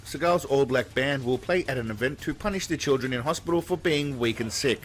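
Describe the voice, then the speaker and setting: A man's voice: medium pitch, a little fast. Sarcastic man narrating a roast. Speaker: comedy narrator. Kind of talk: mocking commentary voice-over.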